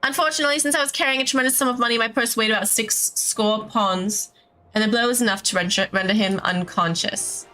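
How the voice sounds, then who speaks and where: A woman's voice: on the high side, fast talker, bright, forceful tone, faint music behind, rough recording. A woman voicing a proud, dramatic young woman in a video game.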